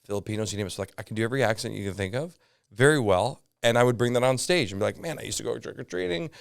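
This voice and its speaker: Comedian guest, Canadian man, rambling storyteller, resonant low voice. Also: rapid-fire, clear, resonant tone, dry recording, studio quality. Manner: animated storyteller, lots of fillers and asides. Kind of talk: casual podcast chat.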